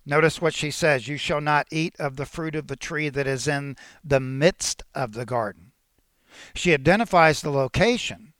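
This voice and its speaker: A male pastor delivers an earnest teaching sermon, walking through scripture and pausing to restart his phrasing. His voice sits a little higher than most men's. The sound is dry and close, with little room echo. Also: a bit bright.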